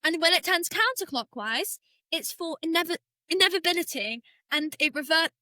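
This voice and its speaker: A woman's voice: very high-pitched, lively intonation, normal speed, bright, forceful tone, no room sound. A woman co-hosting a podcast, chatting casually with lots of "like" fillers. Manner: chatty, many "like" fillers, laughs often. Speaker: podcast co-host. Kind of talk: casual chat.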